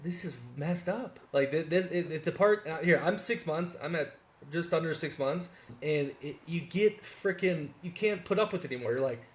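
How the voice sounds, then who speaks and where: A man in his forties, talking bluntly and with plenty of profanity, telling stories in a casual podcast conversation. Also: fairly high pitch. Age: 40s. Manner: fast, blunt, profane storytelling.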